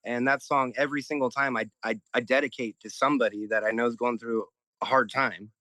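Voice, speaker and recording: A man's voice: mid-range voice, steady tone, a little fast, bright, forceful tone, dry recording, poor audio. A man who is a guest musician, talking in a heartfelt, emotional way in a casual interview, often repeating words.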